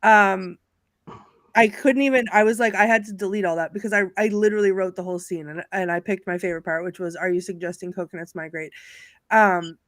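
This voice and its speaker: A woman's voice: mid-range voice, brisk, no echo. Giggly woman reading out her notes. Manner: giggly, animated, reads out notes. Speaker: movie night panelist. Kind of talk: casual chat.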